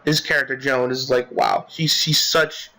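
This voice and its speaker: A man's voice: medium pitch, fairly even intonation, moderate pace, sharp tone, poor audio. Rambling young man commenting on a game. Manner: rambling, many fillers and restarts; indignant about a character. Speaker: let's play commentator.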